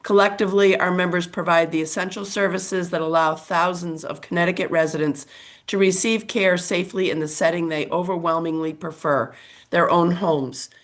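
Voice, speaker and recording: An older woman with a scratchy voice reads formal prepared testimony over a remote call, measured and steady. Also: fairly low pitch. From United States. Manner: formal, measured reading of a statement. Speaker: testifying witness. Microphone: remote call microphone.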